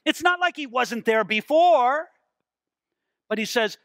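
Animated high-voiced male preacher. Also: no echo. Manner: animated preaching with acted quotes, dramatic slowdowns. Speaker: pastor. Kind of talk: sermon.

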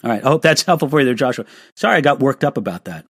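A man's voice: medium pitch, expressive, rapid-fire, fairly bright tone, husky, dry recording, studio quality. A man answering viewer questions in an online live stream, earnest and restarting his sentences with small stammers.

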